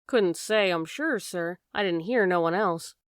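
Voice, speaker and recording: A woman's voice: on the low side, a little slow, clean tone, dry recording, clean studio sound, natural voice. A woman voicing a worried, chatty working-class boatman's wife in an audiobook reading. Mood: fretful. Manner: chatty, plain-spoken, dropped endings.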